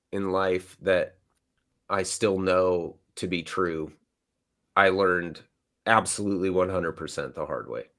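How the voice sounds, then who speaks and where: A middle-aged man co-hosting a live stream, chatting casually with lots of fillers. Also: low voice. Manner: rambling, filler-heavy. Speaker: co-host. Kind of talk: casual chat.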